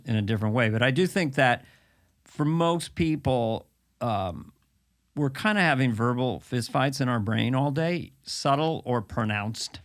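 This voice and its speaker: Man, sixties, podcast host, middle pitch, playful banter, quick impressions. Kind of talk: casual comedic chat.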